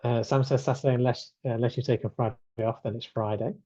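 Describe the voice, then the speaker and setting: Mellow-voiced man hosting a video call. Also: medium pitch, fairly even intonation, fast talker, dry recording, dull audio. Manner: chatty, reads out chat replies, many fillers. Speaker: webinar host. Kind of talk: casual chat hosting an online webinar.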